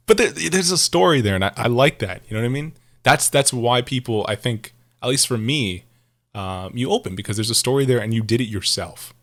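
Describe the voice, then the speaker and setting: A man's voice: mid-range voice, animated, normal speed, fairly bright tone. A man co-hosting a podcast in casual chat, rambling through his points with frequent laughter and casual swearing. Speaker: podcast co-host.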